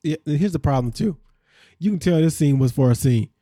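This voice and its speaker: A man's voice: a little high, animated, a little fast, dark tone, no echo, clean studio sound. A man co-hosting a podcast, casually recapping episode events in a storytelling way and laughing often. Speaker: podcast co-host.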